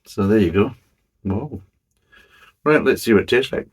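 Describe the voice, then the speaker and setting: A man's voice: fairly low pitch, lively intonation, moderate pace, breathy edge. A middle-aged man reviewing a beer in a chatty, rambling way, swearing casually as he goes.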